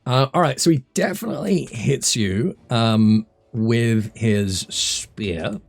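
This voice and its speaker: A man's voice: medium pitch, slow, gravelly. A man narrating combat as game master of a tabletop game, easygoing and full of filler words. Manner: relaxed, many fillers and restarts while narrating combat.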